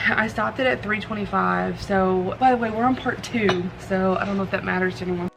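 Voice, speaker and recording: A young woman chats through her reading session in a rambling, excitable way, breaking off with swears and theories. Her voice sits at an ordinary middle pitch for a woman. The recording is noisy, with a steady hiss behind her. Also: fairly quick, gravelly, hardly any pauses. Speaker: book vlogger. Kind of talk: casual chat. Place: car, for the ending.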